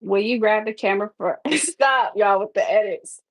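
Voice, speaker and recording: A woman's voice: medium pitch, normal speed, no echo, low-quality recording. A young woman live streaming while she cooks, chatting casually and talking back to her chat with sass. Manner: sassy, talks back to the chat.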